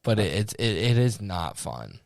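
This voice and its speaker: A man's voice: fairly low pitch, sing-song, a little slow, gravelly, darkish tone, no room sound, studio quality. A young man co-hosting a podcast, telling profane stories in casual chat and acting out the people in them. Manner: profane, storytelling, acts out quoted people. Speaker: podcast co-host.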